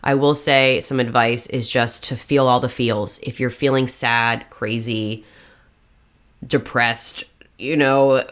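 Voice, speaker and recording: A woman's voice: a bass voice, steady tone, takes it slowly. A woman in her thirties co-hosting a podcast, talking in an earnest, heartfelt way. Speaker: podcast co-host. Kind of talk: casual chat.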